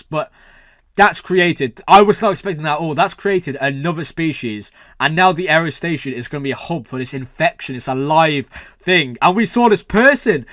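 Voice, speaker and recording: A young man hosting a show reaction, rambling excitedly with lots of "like" and "man". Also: on the high side, no room sound, studio quality. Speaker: reaction video host. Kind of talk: excited casual reaction talk.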